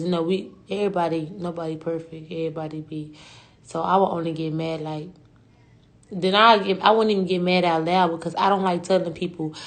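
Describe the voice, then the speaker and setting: A young adult woman telling a story on a livestream in a slangy, profane, rambling way. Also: on the low side. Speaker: rapper.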